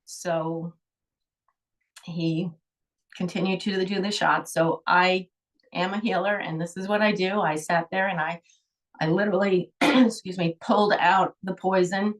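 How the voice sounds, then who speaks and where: A woman's voice: on the low side, distant mic. A middle-aged woman, a holistic healer, telling a personal story in an emotional, rambling way, with sighs.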